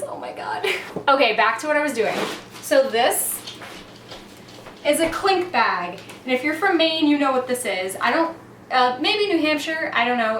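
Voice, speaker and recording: Woman, casual vlog chat, rambling, trails off softly, echoey kitchen, heard from across the room. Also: fairly high pitch, a little hiss or hum. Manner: rambling, often trailing off soft and quiet. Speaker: cleaning vlogger. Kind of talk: casual chatty vlog narration. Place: her home kitchen, indoors. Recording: echoey kitchen, mic at a distance.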